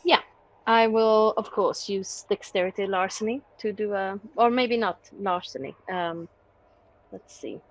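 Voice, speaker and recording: A woman's voice: medium pitch, measured pace, low-quality recording. A woman playing a tabletop game, thinking aloud in a hesitant way. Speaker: player.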